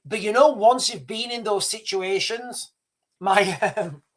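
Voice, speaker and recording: A man's voice: high-pitched, measured pace. Rambling man livestreaming. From Britain. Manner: rambling, restarts, chuckles at himself. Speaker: livestream host. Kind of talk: casual live-stream monologue.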